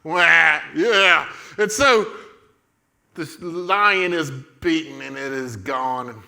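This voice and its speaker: A man with a fairly high, bright voice speaks slowly and forcefully while leading a children's church lesson. He playfully tells a Bible story and coaches the kids as they act it out in a skit.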